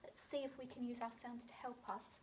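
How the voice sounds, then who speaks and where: A woman with a British accent teaching a phonics lesson to young children, sounding out words clearly and slowly. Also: fairly high pitch, flat delivery, heavy background noise. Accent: British English. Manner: slow, clearly sounded-out words with bright emphasis. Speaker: primary school teacher.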